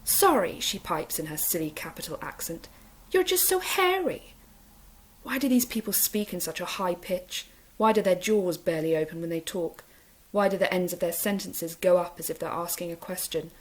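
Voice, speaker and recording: A woman teacher reading a novel aloud in a steady, expressive storybook manner. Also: lowish voice, a little fast, hardly any pauses, breathy edge, rough recording.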